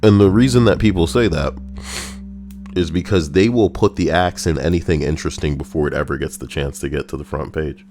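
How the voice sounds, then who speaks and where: A man's voice: a bass voice, brisk, darkish tone, soft background music. A young man casually reading forum posts aloud and riffing on them, sarcastic and rambling with loose asides.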